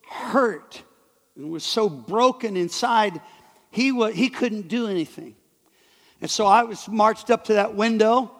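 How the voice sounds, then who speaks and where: A man preaching to a church, telling a story with frequent halting restarts. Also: high-pitched, a bit bright. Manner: halting, repeats and restarts words. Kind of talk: sermon storytelling. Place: church hall. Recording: long hall reverb.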